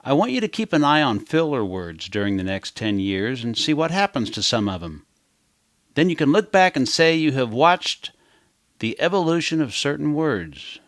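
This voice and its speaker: A man's voice: medium pitch, big pitch swings, moderate pace, no echo. Dry, wry male teacher. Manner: wry, conversational storytelling. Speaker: language teacher. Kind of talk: children's lesson narration.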